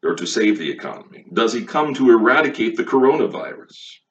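A man's voice: mid-range voice, lively intonation, fairly quick. A man preaching a sermon, emphatic and full of rhetorical questions, recorded on a distant mic with a dull, lo-fi sound. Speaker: pastor.

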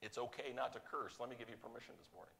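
A man preaching a sermon, moving between emphatic loud stretches and quiet, slowed-down points. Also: medium pitch, creaky. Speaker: pastor.

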